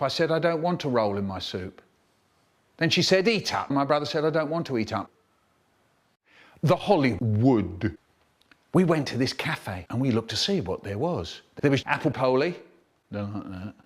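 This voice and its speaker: A man telling comic childhood stories, acting out the voices of the people in them. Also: medium pitch. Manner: animated, mimicking other voices. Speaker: storyteller. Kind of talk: comic storytelling, remixed.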